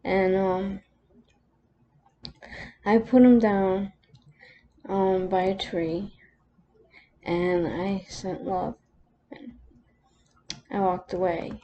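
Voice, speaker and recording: Slow, tearful woman telling a story. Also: mid-range voice, fairly even intonation, lo-fi sound, a little hiss or hum. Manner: tearful, halting, with many pauses and restarts. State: close to tears. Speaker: vlogger. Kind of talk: emotional personal storytelling.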